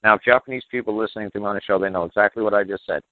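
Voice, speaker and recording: A man's voice: on the low side, fairly even intonation, rapid-fire, no room sound. A man speaking as the guest expert on a call-in show, lecturing emphatically, repeating himself and sounding exasperated. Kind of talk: heated call-in talk. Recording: dry, tinny phone line.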